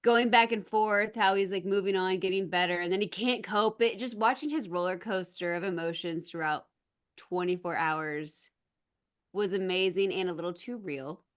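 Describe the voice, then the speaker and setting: A woman chatting casually on a podcast about a film, animated and giggly, full of "like" and "um". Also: fairly low pitch, normal speed. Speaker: podcast guest. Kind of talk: casual movie-review chat.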